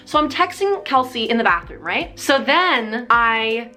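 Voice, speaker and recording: Young woman vlogger, high lively voice; animated storytelling, acts out the dialogue. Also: unhurried, few pauses. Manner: animated, acts out both sides of the conversation. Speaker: vlogger telling a dating story. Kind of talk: storytime vlog.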